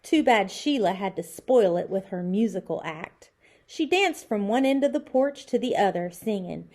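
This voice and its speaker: A woman teacher reading a children's chapter book aloud with expressive storybook delivery. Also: medium pitch, normal speed.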